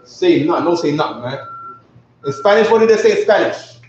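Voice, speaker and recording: A man's voice: sits high, expressive, brisk, a little hiss or hum. Guy teaching class, slangy, lots of "you know what i'm saying", dull lo-fi sound. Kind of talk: casual classroom lecture. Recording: echoey room, distant mic, dull lo-fi.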